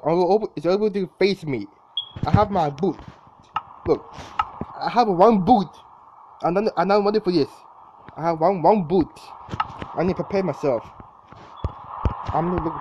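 A man's voice: fairly high pitch, expressive, normal speed, long pauses, a little mellow. A young man commentating his own gameplay in a casual, jittery way, exclaiming often and repeating himself. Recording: dull lo-fi mic with clear background noise.

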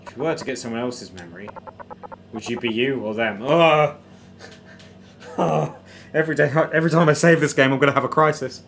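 A man's voice: medium pitch, fast, fairly bright tone. A man chatting playfully while playing through a pixel-art game, with laughing asides. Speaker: gamer. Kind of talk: casual let's play commentary. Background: game music.

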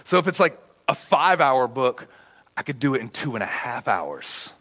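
A man pastor giving a conversational sermon in a church, telling stories with sudden bursts of shouting. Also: medium pitch, sing-song, normal speed. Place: church auditorium.

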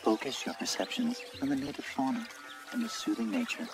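A man voicing a relaxation-tape narrator in a cartoon, slow and hushed. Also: mid-range voice, wildly swooping pitch, over music. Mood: calm.

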